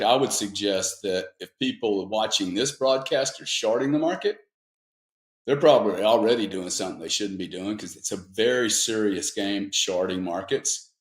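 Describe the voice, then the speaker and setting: A man's voice: lowish voice, moderate pace, echoey room. A man speaking as a guest panelist, rambling and emphatic in an opinionated discussion.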